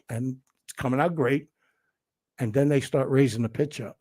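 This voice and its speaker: An older man, a guest telling stories in a casual interview, animated and profane, acting out what people said. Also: medium pitch, moderate pace. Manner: animated, profane storyteller who acts out quotes.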